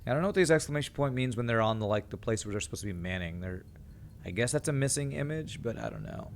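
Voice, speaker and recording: In casual gameplay commentary, this Californian talks quickly with a medium pitch and lively intonation over slight background noise. He rambles to his chat, repeating words as he thinks, and seems worn out from a busy season.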